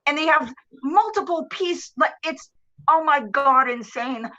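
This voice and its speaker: Animated storyteller woman, lo-fi stream. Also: high-pitched, a little slow. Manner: animated, swears casually, acts out voices. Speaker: guest. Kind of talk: casual storytelling. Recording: dull lo-fi stream audio.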